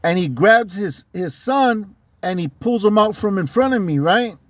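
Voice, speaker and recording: Man host, high voice, casual slangy storyteller, dry close sound. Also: expressive, measured pace, dry recording. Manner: street slang, frequent restarts, conversational. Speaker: channel host.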